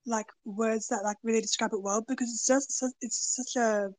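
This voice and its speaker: A woman hosting a podcast interview, speaking casually and hesitantly, often pausing to search for words. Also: fairly high pitch, fairly even intonation, a little mellow, dry recording. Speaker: podcast host.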